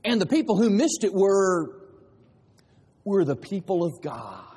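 A man's voice: sits high, very animated, unhurried, dark tone, husky, big-room sound. A man preaching a sermon with an emphatic delivery, sometimes acting out voices of the people he describes. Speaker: pastor.

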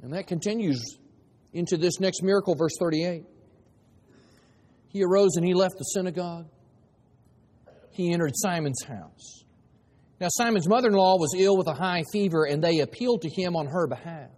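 A man's voice: high voice, moderate pace, long pauses, darkish tone, long reverb tail. A man preaching a sermon with an emphatic delivery, sometimes acting out voices of the people he describes. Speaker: pastor.

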